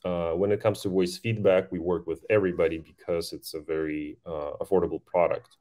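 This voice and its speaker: A man speaking as a guest on a podcast interview, talking quickly and eagerly with frequent restarts. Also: deep voice, level tone, dark tone. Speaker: podcast guest, voice-tech company founder.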